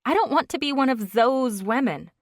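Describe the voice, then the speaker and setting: A woman's voice: high-pitched, animated, no echo, clean studio sound, pitched above the performer's own voice. A woman voicing an indignant pregnant young woman. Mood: stubborn. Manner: exasperated, rapid outbursts. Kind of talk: audiobook character reading.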